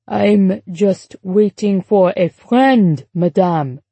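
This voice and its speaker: A woman voicing a young British man in disguise who speaks slowly and politely in an audiobook. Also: on the low side, animated, warm tone, breathy edge, dry recording. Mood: careful. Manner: slow, careful, polite. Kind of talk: audiobook character voice.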